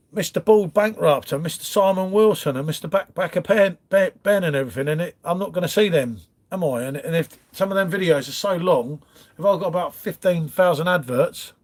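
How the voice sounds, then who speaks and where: A man chats loosely through a livestream from his front room, greeting viewers and wandering from topic to topic. His voice sits a touch high for a man, and he leans on "mate" and "innit" all the way through. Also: a little mellow. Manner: chatty, rambling, calls viewers mate. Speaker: livestream host. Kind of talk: casual live chat reading comments.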